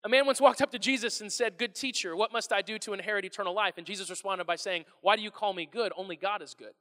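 Bright-voiced male pastor preaching in reverb. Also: high-pitched, quick pace. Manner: animated, conversational, restarts phrases. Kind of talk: sermon.

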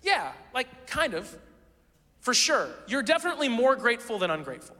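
A man's voice: very high voice, very animated, a little fast, pushed and bright, long reverb tail. A man preaching a sermon as pastor, in a casual, conversational way full of rhetorical questions.

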